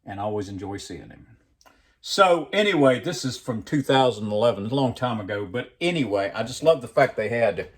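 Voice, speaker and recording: Man, channel host, casual reading and commentary, rambling, self-deprecating, mid-pitch, camera mic. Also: lively intonation, a little fast. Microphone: webcam framing.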